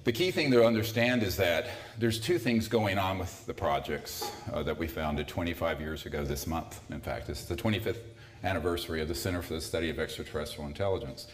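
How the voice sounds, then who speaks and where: A man in his sixties giving a conversational public talk to a live audience, with dry sardonic asides. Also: sits low. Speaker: lecturer. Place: lecture hall. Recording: echoey hall.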